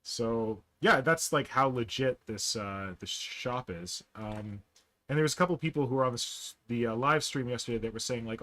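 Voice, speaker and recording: A man hosting a casual video-call chat, telling stories in a chatty, animated way. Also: mid-range voice. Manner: chatty, animated storyteller with quick asides. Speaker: podcast host. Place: in Toronto.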